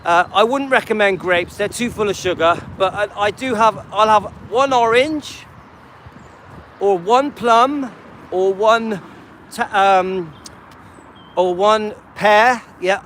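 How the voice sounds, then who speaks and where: Talking slowly in a high, fairly bright voice, this man runs a live stream with slight background noise. He answers viewers by name casually, checks in with "yeah?" and "okay?", and tends to restart and repeat himself.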